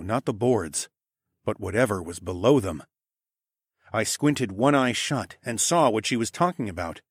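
Expressive male fantasy audiobook narrator. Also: fairly low pitch, no echo, studio quality. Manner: expressive, drops to a hush for tags.

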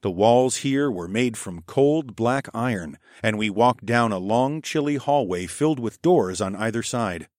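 A man narrating a first-person fantasy audiobook in a measured, steady storytelling manner. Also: medium pitch, no room sound, clean studio sound.

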